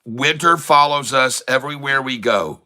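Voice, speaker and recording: Bright, crisp-voiced man hosting a livestream. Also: mid-range voice, normal speed. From Michigan. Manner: chatty, reads out viewers' locations. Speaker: livestream host. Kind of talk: casual livestream chat.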